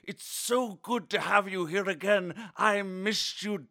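A man's voice: sits high, slow, creaky, bright, forceful tone, heavily acted. A man putting on an exaggerated British accent as a theatrical podcast host, drawing out a grand greeting. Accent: put-on British.

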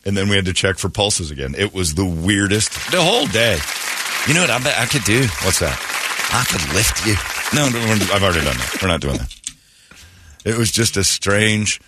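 A man's voice: low-pitched, normal speed, over a noisy crowd, heavy background noise. A man hosting a radio morning show, telling a story casually and acting out the people in it. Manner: animated, acts out the people in his stories.

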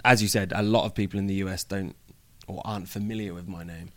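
A young man with a British accent and a fairly low voice. He talks casually and jokes around with a dry, deadpan touch. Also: fast talker. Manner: joking, playful, deadpan asides. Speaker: wrestler guest. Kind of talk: casual interview chat.

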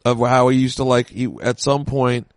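A man's voice: medium pitch, little pitch movement, normal speed, no room sound. A man co-hosting a podcast, chatting casually and jokingly while watching an old wrestling match, with rambling asides. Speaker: podcast co-host.

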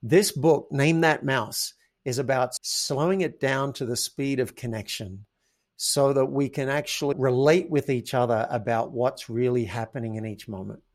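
A man's voice: mid-range voice, moderate pace. A man, a podcast guest who tells stories animatedly and acts out his own quoted thoughts. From Australia. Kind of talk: casual interview chat.

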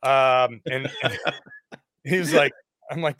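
A man's voice: mid-range voice, slow, long pauses, fairly bright tone, dry recording, clean studio sound. A man hosting a sports podcast, chatting casually and self-deprecatingly, slipping into an ad read. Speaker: podcast host.

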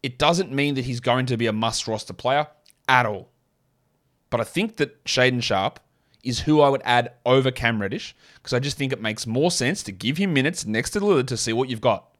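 Here the fantasy basketball host's mid-range voice sounds fairly bright, with lively intonation and a non-American accent. Alone at the mic, he offers opinionated, chatty takes on his picks with rapid asides, plus an ad read.

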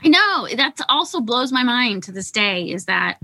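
A woman guest on a podcast, bubbly and expressive, chatting casually. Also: a little high, normal speed, no echo. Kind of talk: casual chat.

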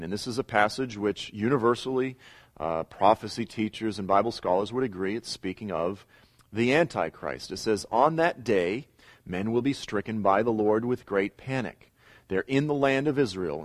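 A man's voice: fairly low pitch, dry recording. A man teaching a recorded Bible lesson, reading scripture aloud and pressing his points with emphatic rises. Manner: emphatic, builds to louder insistent peaks; reads scripture passages aloud.

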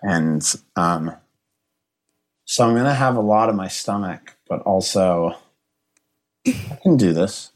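A man with a low, deep voice chats as a comedian guest on a podcast. He talks earnestly and emotionally, stopping and restarting his sentences, leaning on fillers as he thinks aloud. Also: expressive, a little mellow. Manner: halting, full of restarts and fillers. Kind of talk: casual podcast chat.

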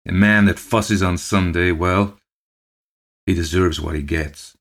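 A man voicing a dull, heavy backwoods farmer who talks slow, low and grunting. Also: fairly bright tone. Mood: sullen.

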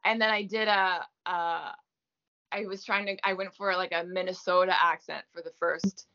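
A woman's voice: lowish voice, fairly even intonation, normal speed, sharp tone. A woman in her thirties from Quebec whose first language is French, chatting as an interview guest in a self-deprecating way with many fillers. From Gaspé, Quebec, Canada. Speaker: guest actress. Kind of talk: casual interview chat. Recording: muffled lo-fi audio.

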